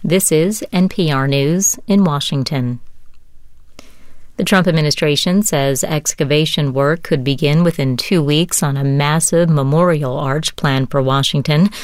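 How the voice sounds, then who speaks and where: Low-voiced woman reading radio news. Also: no room sound, clean studio sound. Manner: measured, even newsreader delivery. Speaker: newscaster.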